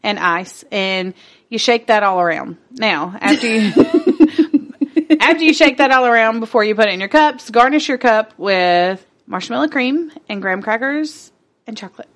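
A woman's voice: on the high side, lively intonation, normal speed, a bit bright. A young woman co-hosting a podcast in casual chat, giggly and playful, swearing now and then. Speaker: podcast co-host.

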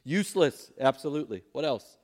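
A man's voice: on the high side, expressive, a little fast, darkish tone. A man teaching scripture to a group, emphatic, often asking them questions. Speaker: pastor or Bible teacher. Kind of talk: interactive Bible teaching.

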